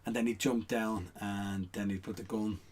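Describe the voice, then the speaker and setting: A man's voice: fairly low pitch, fairly even intonation, moderate pace, darkish tone. A middle-aged man, a guest on a casual podcast, telling rambling anecdotes full of "you know what I mean" asides. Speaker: guest, stage performer.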